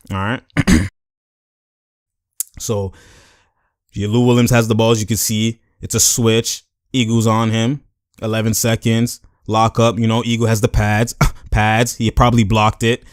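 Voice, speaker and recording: A man's voice: fairly low pitch, no echo, clean studio sound. A man hosting his own channel, breaking down a game clip in loose, slangy casual talk and now and then acting out what the players say. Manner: loose and slangy, repeats filler phrases; acts out players' lines in quick put-on voices. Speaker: YouTube host. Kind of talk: casual sports commentary over a game clip.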